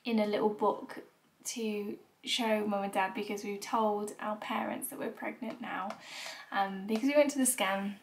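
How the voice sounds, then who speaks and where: A woman's voice: medium pitch, fairly even intonation, moderate pace. A young woman from the UK vlogging casually about her pregnancy, chatty, emotional and candid, with many ums and small laughs, while feeling nauseous and unwell. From United Kingdom.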